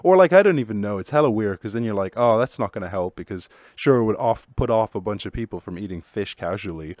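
A man's voice: fairly low pitch, lively intonation, fast talker, darkish tone, dry recording. A man hosting a solo podcast, rambling through jokey, profane musings in casual chat. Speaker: podcast host.

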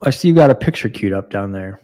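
An easygoing man hosting a podcast, joking along with his co-host while keeping the conversation moving. His voice is mellow and warm, never sharp. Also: on the low side, expressive, fast talker. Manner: easygoing, jokey, wraps up the show. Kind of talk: casual chat.

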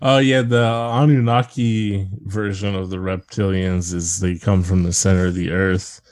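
A man's voice: low-pitched, level tone, measured pace, darkish tone, dry recording. A man co-hosting a podcast in casual chat, sarcastic and profane, laughing often. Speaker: podcast co-host.

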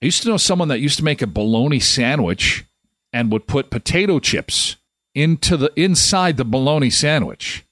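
A man's voice: mid-range voice, expressive, a bit bright, no room sound, studio quality. A man in his fifties from Canada hosting a live daily talk show, rambling and joking as he tells stories. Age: 50s. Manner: rambling, jokey storyteller with quick asides. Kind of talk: casual solo talk show.

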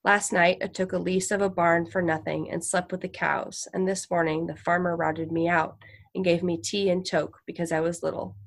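Husky frail road boy, streetwise and fierce, put on by a woman reader. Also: lowish voice, level tone, normal speed. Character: frail, husky eighteen-year-old road boy, tough and fatalistic.

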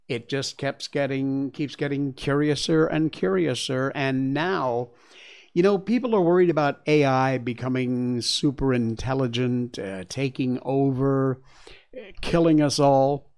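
A man's voice: mid-range voice, slow, darkish tone, smooth. A man hosting a show, reading news stories aloud and reacting with chatty, exclaiming asides. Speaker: show host. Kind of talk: casual commentary on news stories.

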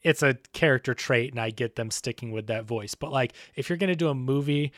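A man co-hosting a podcast, chatting casually, animated and quick to laugh as he rambles. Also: mid-range voice, no room sound, studio quality. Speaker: podcast co-host. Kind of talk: casual chat.

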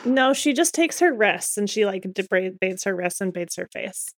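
A woman co-hosting a casual fan podcast, chatty and quick to laugh, with lots of "like". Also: mid-range voice, expressive, no room sound, clean studio sound. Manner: chatty, laughs often, frequent "like". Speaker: podcast co-host.

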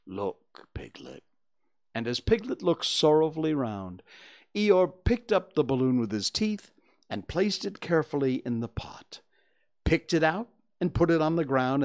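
A man narrating a storybook in a gentle storytelling manner. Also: on the high side, very animated, normal speed. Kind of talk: storybook reading.

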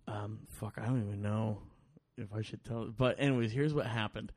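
As a podcast guest, a man with a lowish, darkish voice tells a long story in casual chat, keeping a steady tone at a moderate pace. He swears often, rambles and restarts sentences, and acts out other people's lines.

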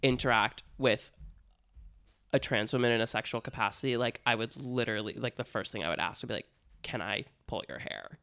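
Co-host voice, mid-pitched, quick to laugh, chiming in during casual chat. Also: fairly even intonation, a bit bright, clear, resonant tone. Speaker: podcast co-host.

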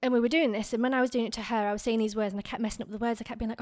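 A woman's voice: fairly high pitch, fairly even intonation, racing, darkish tone. Tearful woman telling a story. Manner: tearful, filler-heavy storytelling. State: emotional, near tears. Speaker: podcast co-host. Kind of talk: emotional podcast conversation.

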